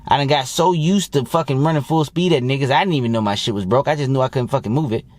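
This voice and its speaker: This dating coach, a man with a medium-pitched, darkish voice, talks quickly. He rambles bluntly to the camera for his viewers, swearing heavily in a casual monologue.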